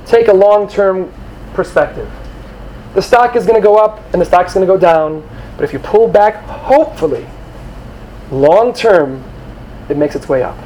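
A man giving an animated sermon to young students, acting out quoted voices and sprinkling in Hebrew terms. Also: sits high, normal speed, pauses often, slight background noise, rough recording. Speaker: rabbi or teacher addressing students.

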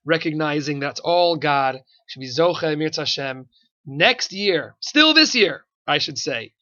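Male religious teacher, fervent, repeats for emphasis, sharp tone. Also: a little high, expressive, unhurried, highs cut off. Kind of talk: sermon-style Torah talk.

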